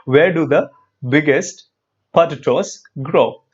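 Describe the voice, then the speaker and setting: A man with an Indian English accent teaching an online grammar class, lively and repetitive, quizzing his students as he goes. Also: on the high side, husky, lo-fi sound. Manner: lively, repeats phrases, quizzes students, frequent "perfect".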